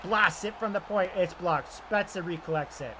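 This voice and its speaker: A young man doing casual play-by-play commentary while playing a hockey video game, swinging from calm asides to loud excited calls on scoring chances. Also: high voice, moderate pace, background noise.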